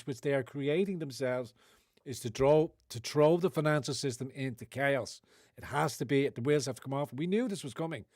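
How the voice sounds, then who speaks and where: A man's voice: mid-range voice, no echo, studio quality. A man with an Irish accent hosting a livestream, ranting with heavy sarcasm and frequent swearing. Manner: sarcastic, profane, rambling. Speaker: livestream host.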